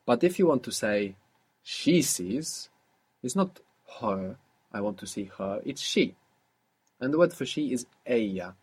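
Male language teacher, slightly husky, patient, quizzes a learner and repeats answers back. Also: medium pitch, expressive, unhurried, a little mellow. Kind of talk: guided spoken lesson.

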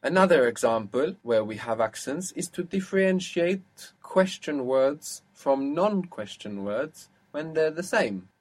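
A man teaching an audio language lesson, explaining patiently and slowing down on example words. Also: a little high, expressive.

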